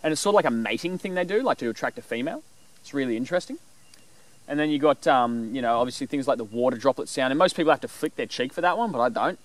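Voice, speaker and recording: A man's voice: medium pitch, fast. Rambling man talking bushcraft. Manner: rambling, relaxed, full of fillers. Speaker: bushcraft vlogger. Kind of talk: casual explanation with animal call demos.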